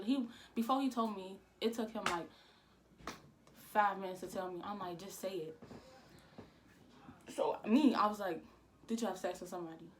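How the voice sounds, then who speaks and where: A woman's voice: mid-range voice, a little hiss or hum. A young woman vlogger telling a casual storytime. She rambles, repeats "I'm like" and uses a lot of slang.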